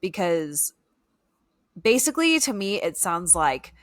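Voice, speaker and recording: A woman's voice: on the low side, sing-song, slow, no room sound, clean studio sound. A young woman co-hosting a podcast, talking in a chatty, bubbly way with lots of "like". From United States. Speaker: podcast co-host. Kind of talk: casual chat.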